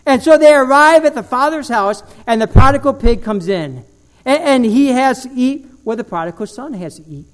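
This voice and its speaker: Male pastor, animated sermon storyteller, voice pitched very high. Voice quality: animated storytelling, with slow, dramatic drops to a low voice.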